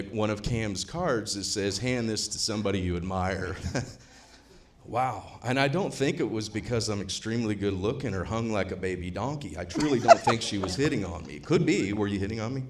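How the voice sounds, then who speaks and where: A Midwestern man in his 50s, attending a seminar, talks casually and profanely to the live audience, rambling and joking. His fairly low voice has lively intonation at normal speed, with background noise behind it.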